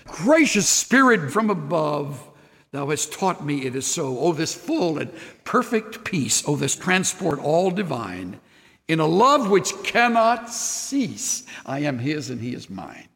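A man's voice: a little high, sing-song, slow, fairly bright tone, in a large hall. Earnest older male pastor preaching. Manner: earnest and intimate, drops to near-whispers. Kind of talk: sermon.

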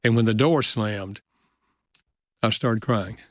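An older man, a guest author, telling a personal story in an earnest, measured way in a casual conversation. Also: on the low side, dry recording, studio quality.

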